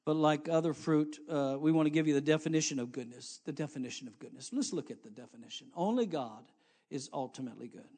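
This pastor's sermon moves from quiet asides to loud exhortation as he calls on the congregation, with plenty of fillers and restarts. His voice is fairly high and his pace quick.

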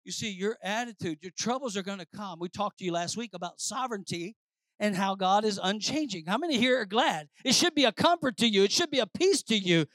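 A preacher delivering a sermon, swinging between shouted declarations and low, quiet lines, calling out to the congregation. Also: expressive, brisk, no echo. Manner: calls out to the congregation.

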